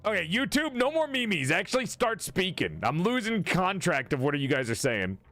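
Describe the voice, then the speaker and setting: A streamer and gamer with a high, very animated voice chats casually on a live stream at a moderate pace, sounding a bit bright in a dry recording. He swears freely, laughs often, and corrects himself as he goes, with faint game soundtrack music behind him.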